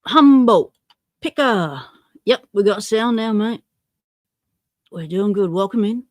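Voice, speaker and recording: A woman's voice: medium pitch, a little slow, darkish tone, no room sound, clean studio sound. An Australian woman hosting a casual livestream, chatty and self-deprecating, greeting viewers one by one by name. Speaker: livestream host.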